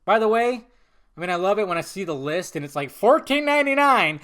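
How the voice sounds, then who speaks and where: A young man with a bright, somewhat high voice hosts a solo podcast in a casual rant. He swears freely and swings between low, mumbled asides and loud, exasperated outbursts. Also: very animated, fairly quick. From Southern California. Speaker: podcast host.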